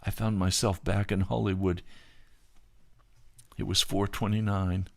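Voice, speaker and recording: A man recounting a dream vision in the first person, halting at times, repeating words and restarting sentences. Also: deep voice, little pitch movement, creaky, no echo.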